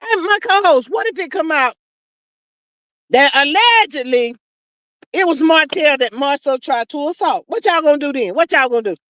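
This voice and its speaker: A woman's voice: high-pitched, animated, moderate pace, fairly bright tone, dry recording. A woman in her fifties hosting a casual live-stream talk show, chatting and reading viewer comments aloud.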